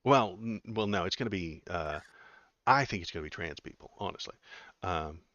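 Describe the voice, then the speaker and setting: Deep-voiced man hosting a chatty stream. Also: animated, moderate pace, fairly bright tone, no echo, lo-fi sound. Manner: chatty, reads news aloud and reacts to chat. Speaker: political streamer host. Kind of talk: casual live-stream commentary.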